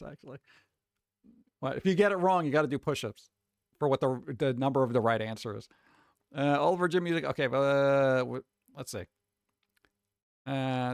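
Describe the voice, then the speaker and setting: A man's voice: on the high side, no room sound, studio quality. A man who grew up on the East Coast, ranting casually on a livestream, reading posts aloud and cutting in with blunt, profane, sarcastic asides. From East Coast of the United States. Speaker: streamer reading chat and posts.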